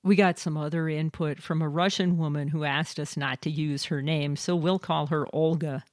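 A woman's voice: deep voice, steady tone, normal speed, darkish tone, no room sound, clean studio sound. A woman co-hosting a show, telling stories and reading listener submissions in a matter-of-fact way. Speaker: co-host.

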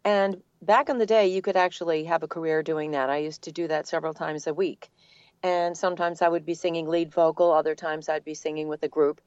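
An older woman, a voice actor from the Boston area with a neutral standard accent, telling her story in a relaxed, articulate interview. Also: on the low side, no room sound, highs cut off. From Boston area, USA. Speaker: guest, voice actor. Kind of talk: casual interview answers.

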